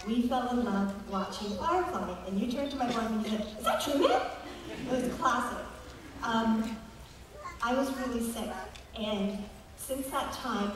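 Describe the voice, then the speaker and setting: A woman speaks from a crowd, close to tears and halting as she tries to get her words out. Her voice sits a little high. The mic catches her from far off in a large, reverberant hall with steady noise around her. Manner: halting, emotional. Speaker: fan asking a question.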